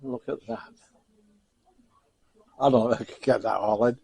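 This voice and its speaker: A man's voice: medium pitch, fairly even intonation, normal speed, gravelly, a little mellow, breathy edge. A man chatting casually in a home cooking vlog, self-mocking and chuckling as he tries his food. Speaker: cooking vlogger.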